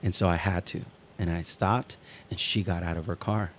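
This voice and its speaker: Podcast co-host, male, lowish voice, loose and profane, rambling storyteller. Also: fairly even intonation, normal speed, a little hiss or hum. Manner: swears freely, rambling anecdotes, acts out quotes. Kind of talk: casual storytelling chat.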